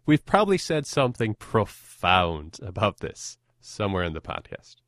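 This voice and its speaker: A man's voice: lowish voice, sing-song, moderate pace, fairly bright tone, dry recording, clean studio sound. A man hosting a podcast in casual chat, joking and poking fun at himself. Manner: joking, self-deprecating banter. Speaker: podcast host.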